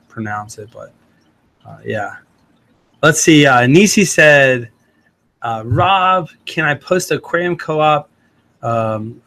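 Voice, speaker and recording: A man's voice: medium pitch, a bit bright. A man hosting a casual livestream, reading viewer comments aloud and answering them in a loose, chatty way. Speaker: livestream host.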